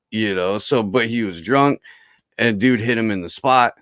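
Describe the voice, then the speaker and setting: A man's voice: medium pitch, moderate pace, fairly bright tone, dry recording. A man chats casually as a podcast guest, spinning a long story. His talk is rambling and profane, full of fillers and restarts. The sound is dry and close.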